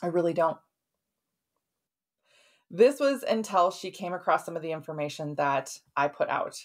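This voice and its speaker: A middle-aged woman who hosts a podcast and works as a health practitioner tells a client's story casually and conversationally, often ending sentences with "right?". Her voice is fairly low, expressive and at normal speed.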